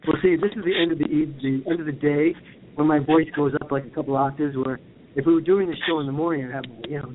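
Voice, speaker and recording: A man's voice: fairly high pitch, fairly even intonation, fast talker. A man in his fifties from the USA, co-hosting a casual chat, playful and chatty with easy laughs. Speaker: co-host, actor. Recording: tinny phone line.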